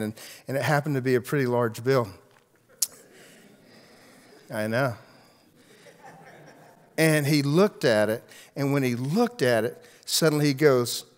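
Middle-aged man preaching in a reverberant hall. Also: mid-range voice. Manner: storytelling preacher, swings from loud emphatic peaks to hushed asides. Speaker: pastor. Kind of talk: sermon.

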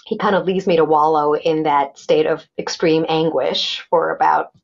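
A woman telling a personal story in an interview, animated and acting out the voices she quotes. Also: deep voice, normal speed, gravelly. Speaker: guest. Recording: dull lo-fi sound.

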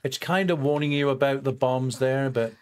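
An older man with a mid-range voice talks through his gameplay in a relaxed, rambling way. He thinks aloud, breaks off mid-sentence, and keeps turning to his viewers. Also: mid-range voice, normal speed. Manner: chatty, thinks aloud with fillers and asides to viewers. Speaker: gameplay host. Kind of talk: casual let's-play commentary.

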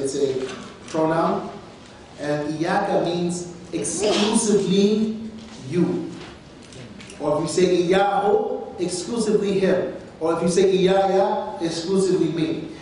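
A man gives a scripture grammar lesson in a slightly high voice, patiently explaining and dwelling on key phrases. He sounds distant from the microphone, and the room rings with heavy echo. A faint hiss sits underneath. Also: darkish tone. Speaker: Islamic teacher. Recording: echoey room, recorded from afar.

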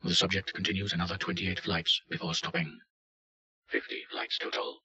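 A man giving deadpan scripted narration of a report. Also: sits low, moderate pace, vocal fry, muffled recording.

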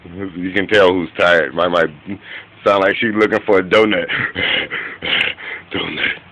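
A man filming his dogs at home on a handheld camera, giving an excited, laughing, profane running commentary that turns quieter near the end. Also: takes it slowly, rough recording. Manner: quieter and lower toward the end. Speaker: dog owner filming his pets. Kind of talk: casual home video commentary. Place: room in a home with a bed.

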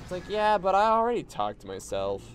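A man streaming a game, giving casual, excitable commentary, swearing at enemies and mocking himself. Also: high-pitched, fairly quick, soft background music.

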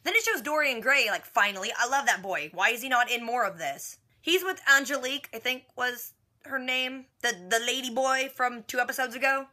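A woman's voice: on the high side, lively intonation, brisk, bright, forceful tone. A young woman casually recapping a TV episode, slangy and chatty, with "like" sprinkled everywhere. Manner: chatty, slangy, filler "like" throughout. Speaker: TV reaction vlogger.

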